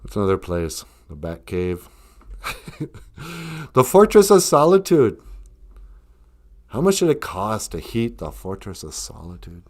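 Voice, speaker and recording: A man's voice: deep voice, sing-song, normal speed, a little mellow. A man hosting a casual live stream, reading viewer comments aloud and rambling through jokes, laughing often.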